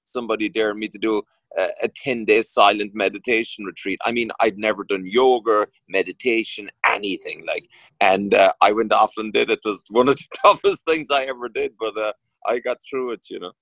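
Irish man from Kerry, middle-aged, lowish voice, dry close sound, rambling, stop-start talk. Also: steady tone, a bit bright, no echo, low-quality recording. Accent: Irish, County Kerry. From Ireland. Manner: rambling, halting with many restarts and fillers. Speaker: actor guest. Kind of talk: casual interview chat.

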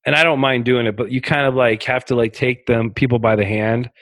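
A man's voice: medium pitch, steady tone, a little fast, a bit bright, no echo. A man chatting as a podcast guest, telling rambling, darkly humorous stories full of fillers and restarts. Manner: rambling storytelling with frequent fillers. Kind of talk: casual podcast conversation.

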